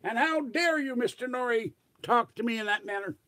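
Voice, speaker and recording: A man's voice: very high voice, voice pushed up. A man voicing a pompous self-styled ten-star general, calling in to a radio show as a prank caller and speaking with indignant, grandiose outrage. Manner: indignant, grandiose, drawn-out shouting.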